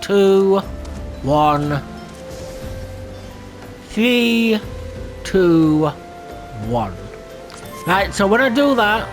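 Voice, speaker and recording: A man hosting his own gaming channel, talking casually over gameplay in a chatty, self-deprecating way. His voice sits fairly high and moves around a lot in pitch. Soft game music plays underneath. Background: faint game music.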